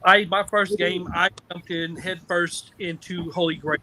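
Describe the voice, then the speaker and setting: A man's voice: high-pitched, fairly even intonation, a little slow, noisy background. A man who leads a team, chatting in a boisterous, joking way. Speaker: team commander. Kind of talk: casual chat.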